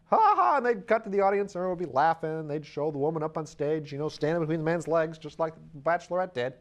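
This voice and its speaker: A man hosting a podcast, telling a rambling, wry comic story and slipping into silly voices for the people in it. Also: sits high. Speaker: podcast host. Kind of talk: casual comic monologue.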